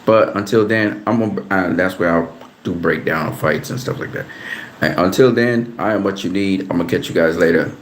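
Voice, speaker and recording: A man's voice: sits low, moderate pace, roomy sound, a little hiss or hum. A man, giving a casual, rambling boxing analysis as the host of his own channel. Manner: relaxed, rambling, repeats words. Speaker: boxing commentator.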